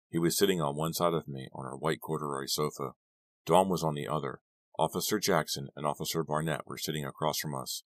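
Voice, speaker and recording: A man narrating an audiobook in steady storytelling. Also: a bass voice, no room sound, clean studio sound. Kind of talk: scripted narration.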